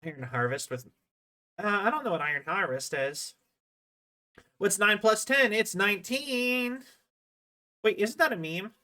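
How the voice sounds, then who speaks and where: Bright-voiced rambling streamer. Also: medium pitch, animated, measured pace, pauses often. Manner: rambling, chatty, lots of fillers and restarts. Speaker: livestreamer. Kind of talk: casual live-stream chat.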